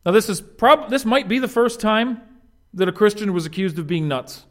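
Man preaching, conversational sermon, animated, slightly high voice. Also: normal speed. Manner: animated, conversational, restarts mid-phrase. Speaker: pastor.

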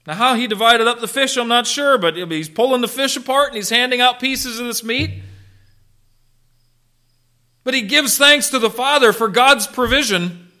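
A man delivers a sermon in a high, bright voice. He preaches in an animated, conversational way, often asking his listeners questions and answering them himself. He swings from loud, punchy emphasis down to soft, hushed asides. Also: normal speed. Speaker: pastor.

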